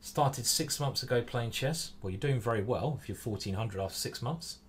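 A man's voice: medium pitch, normal speed, slightly rough. A man from England commenting casually on his own chess game as he plays live, chatting to viewers and reading out their messages. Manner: chatty, reads viewer chat aloud. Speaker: chess streamer. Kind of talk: live-stream commentary while playing.

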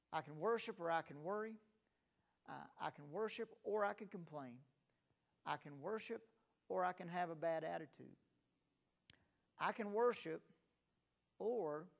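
Pastor guy preaching, kinda gravelly, a bit high, gets louder telling stories. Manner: earnest, rises in pitch and volume when telling stories. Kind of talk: sermon.

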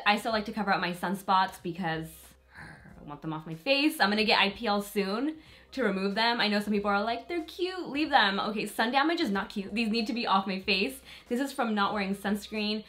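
A woman's voice: mid-range voice, a little fast, fairly bright tone. Woman beauty vlogger, chatty and candid, mid-range voice, talking to camera during a makeup routine. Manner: chatty and candid, with small laughs and fillers; talks to viewers directly while applying makeup. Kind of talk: casual get-ready-with-me chat.

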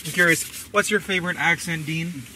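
A man's voice: fairly high pitch, brisk, far from the mic, loud music behind the voice. A young adult man, a student, hosting a casual, upbeat interview inside a moving car. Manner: upbeat, laughing host questions. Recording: car noise behind.

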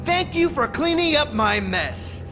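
A man's voice: extremely high pitch, very animated, unhurried, music in the background, full character voice. A man voicing a lonely, overeager dungeon dweller in a video game, gushing and rambling with stammers.

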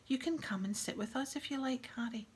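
A woman doing a high, eager starstruck schoolboy. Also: a little fast, slight background noise, close to an everyday voice. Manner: eager, excitable.

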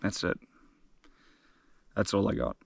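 Slow, dry-voiced, exhausted male hiker. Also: no room sound, in a whisper. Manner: weary, sighing often. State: exhausted and in pain. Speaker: solo hiker vlogger. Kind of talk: casual video diary. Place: outdoors on a mountain trail. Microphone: handheld phone or action camera.

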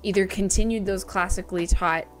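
A woman's voice: medium pitch, fairly even intonation, brisk, faint music behind. A woman who teaches flute, talking to her viewers in a casual, upbeat reaction-video style. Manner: upbeat, chatty, wraps up with viewer call-outs.

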